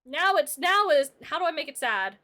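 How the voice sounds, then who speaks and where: High, lively young woman streamer. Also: moderate pace. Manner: chatty and playful, talking to chat. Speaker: streamer and illustrator. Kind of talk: casual livestream chat while drawing.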